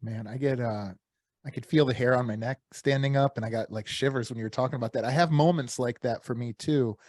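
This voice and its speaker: A man's voice: mid-range voice, brisk, a little mellow, no room sound. Reflective male podcast host. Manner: reflective, thinks aloud with fillers. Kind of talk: interview questions.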